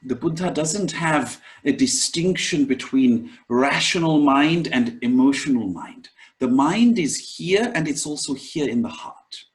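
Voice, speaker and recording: Slow, animated male spiritual teacher. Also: on the high side. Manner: slow, animated delivery with chanted Pali recitation. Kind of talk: scripture commentary lecture.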